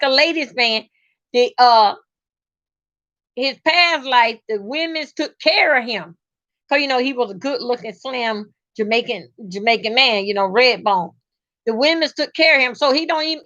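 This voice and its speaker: High, bright-voiced woman storyteller. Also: dull audio. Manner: animated, salty, emphatic. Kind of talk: casual storytelling vlog.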